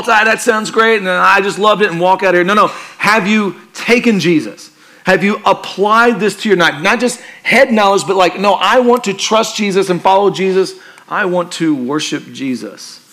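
A male pastor preaching a sermon in a conversational, joking style that turns quiet and earnest for emphasis. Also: high-pitched.

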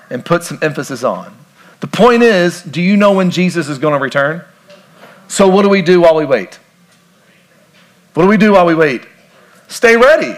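Chatty pastor quizzing his congregation. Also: on the high side. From grew up on a farm. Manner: conversational, asks the congregation questions, jokes. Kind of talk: sermon.

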